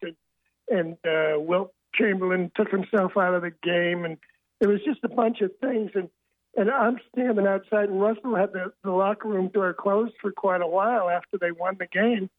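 A man's voice: sits high, no room sound. An older man, a book author, telling long rambling anecdotes as a radio interview guest, often restarting his sentences. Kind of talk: phone-in radio interview storytelling. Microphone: telephone. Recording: tinny phone line.

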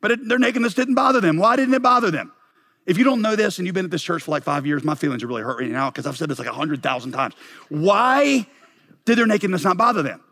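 A man preaching a sermon, swinging from loud rising questions to low, quiet emphasis, with joking asides to the congregation. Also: animated, quick pace. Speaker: pastor.

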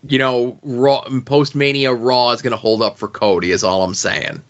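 A man's voice: mid-range voice, fairly even intonation, normal speed, lo-fi sound. A man co-hosting a wrestling podcast in casual chat, hesitant and full of fillers and restarts. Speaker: podcast co-host.

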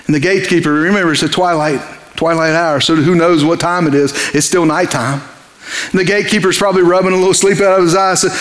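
A man preaches, his voice sitting high for a man. He reads scripture and breaks into acted lines for the people in the story, rising and dropping as he goes. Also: fast talker, roomy sound. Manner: animated, dramatizes scripture with character voices. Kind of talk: sermon.

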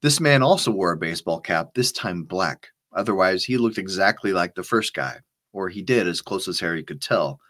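A man, the author, reading his spy thriller aloud in a steady, measured narration. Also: deep voice. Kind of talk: scripted audiobook narration.

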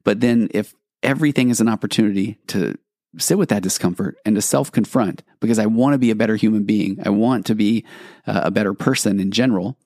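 A male podcast host with a fairly low voice tells a personal story in a reflective way. He wanders and restarts his sentences as he goes. The sound is dry and close, with no room echo. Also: fairly quick, darkish tone. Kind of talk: storytelling monologue.

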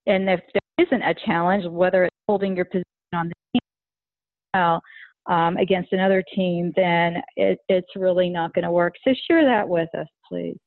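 A woman's voice: lowish voice, fairly even intonation, normal speed, no echo. A middle-aged woman hosting a podcast, chatty and telling stories with lots of "you know". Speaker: podcast host. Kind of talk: casual interview talk. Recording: tinny phone line, dry.

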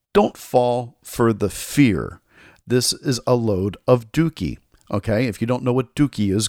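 A man's voice: fairly low pitch, no room sound. American guy ranting mad on his political show, sarcastic, dry close sound. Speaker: political talk show host. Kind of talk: political commentary monologue.

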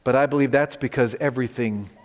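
A man's voice: mid-range voice, fast, big-room sound, a little hiss or hum. A man preaching a sermon as pastor, speaking directly to his listeners and repeating key points with emphasis. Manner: earnest, direct appeals to listeners with emphatic repetition.

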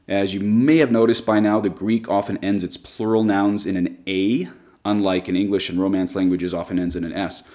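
Lower-voiced man teaching a Bible study. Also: a little mellow. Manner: enthusiastic, explanatory, slows to spell out Greek words. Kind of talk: Catholic Bible study lesson.

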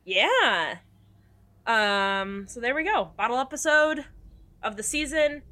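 A woman co-hosting a podcast in casual chat, giggly and playful, quick to tease. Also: fairly high pitch, animated, pushed and bright. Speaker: podcast co-host.

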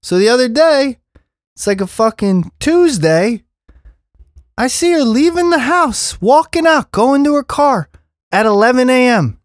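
A man's voice: very high voice, measured pace, no echo, studio quality. A man in his thirties hosting a solo podcast, ranting casually and swearing often. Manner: animated, profane, ranting. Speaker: podcast host.

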